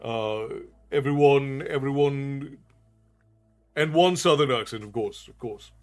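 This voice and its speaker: A man's voice: mid-range voice, measured pace, a little mellow, faint music behind. A man with an unusual Irish accent, chatting with viewers on a live stream and answering their comments aloud. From Ireland. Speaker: storytelling streamer.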